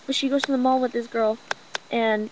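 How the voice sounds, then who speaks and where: A young woman rambles through a gossip vlog at home, full of fillers, swearing and mockery. Her voice sits a little high. The home webcam recording carries a clear hiss of noise. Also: steady tone, normal speed. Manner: rambling, profane and mocking, with many fillers. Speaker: vlogger. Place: room at home with a cousin talking nearby.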